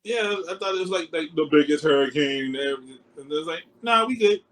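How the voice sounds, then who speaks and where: A man with a Baltimore accent, a guest on a podcast, joking around in a relaxed, playful way. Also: fairly high pitch, quick pace. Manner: playful, joking, laid-back. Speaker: podcast guest, media group CEO. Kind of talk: casual chat.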